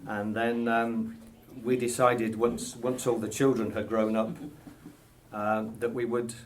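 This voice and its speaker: A British man in his sixties answers casual interview questions hesitantly, chuckling and filling his replies with ums. His voice is lowish and flat in delivery, he speaks slowly, and there is slight background noise.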